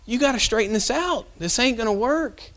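A man's voice: very high voice, lively intonation, a little fast, fairly bright tone, pitched above the performer's own voice, heavily acted. A man speaking as an apostle, firmly and bluntly setting a fellow leader straight. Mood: firm rebuke. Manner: blunt, direct, firm.

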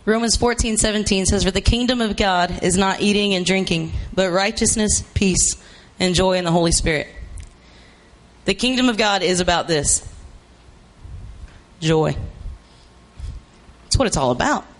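A man preaching a sermon, emphatic and repetitive, rising to shouts for emphasis. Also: high voice, moderate pace, pauses often.

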